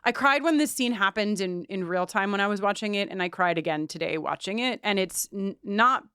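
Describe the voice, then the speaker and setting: A woman's voice: mid-range voice, fairly quick, a bit bright, clean tone, no room sound, studio quality. A woman co-hosting a podcast, talking earnestly in a casual, emotional way, with many restarts and fillers. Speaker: podcast co-host.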